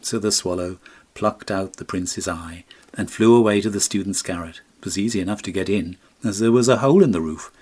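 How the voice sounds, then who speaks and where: A man narrating a classic storybook in a measured, expressive reading. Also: low voice, slightly rough. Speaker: audiobook narrator.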